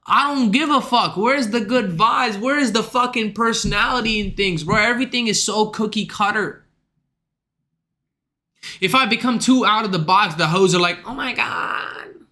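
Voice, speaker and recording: A man's voice: high-pitched, normal speed, bright, forceful tone. A man streaming live and ranting to his chat in a casual, profane and exasperated way.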